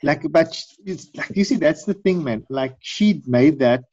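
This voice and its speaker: A middle-aged man chatting casually, rambling through stories and jumping into high-pitched voices when he quotes people. His voice is a little husky and his pitch swings widely. The recording sounds dull and dry. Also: animated, normal speed, darkish tone, dry recording. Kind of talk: casual chat.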